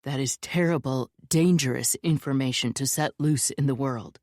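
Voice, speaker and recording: A woman voicing an anguished, stern older man who argues forcefully and pleads his case. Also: very deep voice, normal speed, dry recording, clean studio sound.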